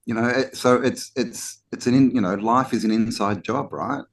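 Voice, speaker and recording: Guy cohosting a podcast, animated, lots of "you know" and restarts, mid pitch voice. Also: moderate pace. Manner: animated, acts out mock quotes, many "you know" restarts. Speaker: podcast co-host. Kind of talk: casual conversational talk.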